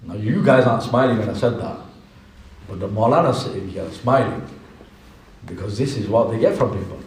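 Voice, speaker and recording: A man preaching a sermon in a mosque, telling an animated story with humorous asides. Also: lowish voice, a little fast, slight background noise. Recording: echoey mosque hall from far off.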